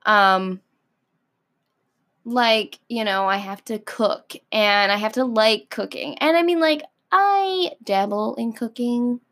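Woman, American accent, slightly high-pitched, casual vlog rant, lots of "like", blunt, sassy, swears freely. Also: slow pace, a bit bright. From United States. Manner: filler-heavy, frequent "like". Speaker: vlogger. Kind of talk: casual ranting monologue.

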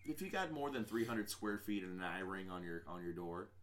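A man in casual podcast banter, loud, profane and jokey, swinging between shouts and mumbles. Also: low-pitched, expressive, brisk, noisy background.

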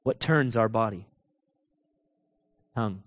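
A man preaching a sermon, asking rhetorical questions and swinging between loud proclaiming and low, quiet emphasis, with casual asides to his listeners. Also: slow. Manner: laughs and talks casually to the congregation.

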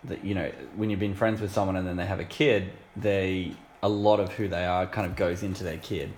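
A man's voice: low-pitched, flat delivery, a little fast, a little mellow, slight background noise. A man co-hosting a casual podcast in an easygoing, joking way. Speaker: podcast co-host. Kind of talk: casual chat.

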